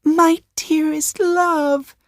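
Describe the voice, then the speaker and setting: Man doing a young society woman, high airy voice, breathy, drawn-out slow lines, dry sound. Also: expressive, no room sound, exaggerated voice. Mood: doting. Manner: breathy, sighing, half-whispered. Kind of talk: audiobook character voice.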